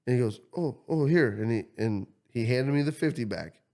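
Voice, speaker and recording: A man's voice: medium pitch, fairly quick. A man, co-hosting a podcast, telling a story in casual chat and acting out the people in it. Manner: animated, swears freely, acts out quotes. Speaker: podcast co-host.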